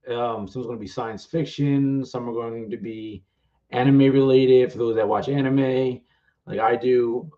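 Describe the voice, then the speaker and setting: A man's voice: mid-range voice, darkish tone, dull audio. A man, an author, chatting casually on a livestream and rambling with lots of "like" fillers. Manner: rambling, heavy use of "like".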